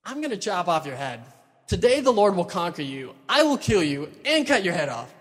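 A man voicing a bold young shepherd hero who delivers a loud, defiant speech. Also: high voice, big pitch swings, moderate pace. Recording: long hall reverb.

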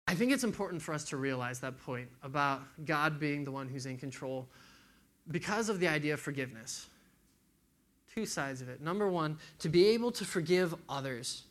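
A man's voice: fairly high pitch, lively intonation, moderate pace, a bit bright. A man giving a casual, conversational sermon to a young group, acting out quotes as he tells a story.

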